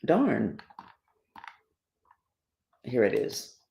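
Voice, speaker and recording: Animated, preachy woman host. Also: a bass voice, drawn-out words, gravelly. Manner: emphatic and preachy, swinging up and down. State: has the hiccups. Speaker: podcast host. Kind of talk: casual spiritual talk to listeners. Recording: roomy echo.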